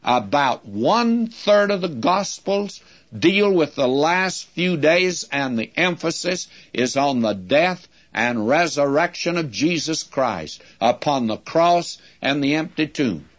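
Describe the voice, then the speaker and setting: A man preaching a sermon-style Bible lesson, measured and explanatory, calling his listeners friends. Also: a little high, expressive. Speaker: Bible teacher. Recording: dull lo-fi recording.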